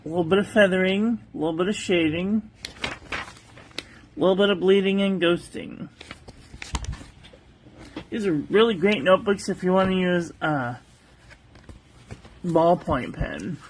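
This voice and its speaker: A woman hosting a calligraphy channel, methodically reviewing ink on one paper after another in a calm, soft-spoken voice. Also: lowish voice, a little slow, long pauses, slight background noise.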